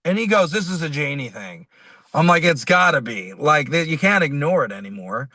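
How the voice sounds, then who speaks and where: A man, a singer-songwriter, telling a personal story as a guest in an interview, lively and quoting others as he goes. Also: a little high, normal speed, dry recording. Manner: animated, quotes people in his stories.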